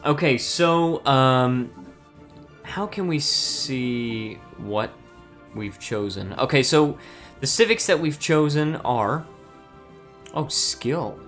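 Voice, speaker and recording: A relaxed male streamer talks through a space strategy game in an easygoing way, with plenty of ums and laughs. His voice sits at an average pitch, and soft music plays underneath. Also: slow pace. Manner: laughs often, fillers, reads chat aloud. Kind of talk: casual game stream chat. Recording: faint background music.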